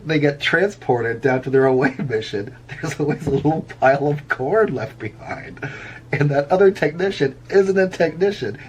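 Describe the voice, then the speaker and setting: A man's voice: on the high side, slight background noise. A middle-aged man chatting casually while drawing, rambling through a story and chuckling often at his own jokes. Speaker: vlogger. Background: faint background music.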